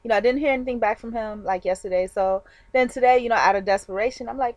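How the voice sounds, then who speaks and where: A woman telling a story to her viewers in a casual, animated, chatty way, with frequent fillers and laughs. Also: fairly high pitch, quick pace, no room sound. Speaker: vlogger.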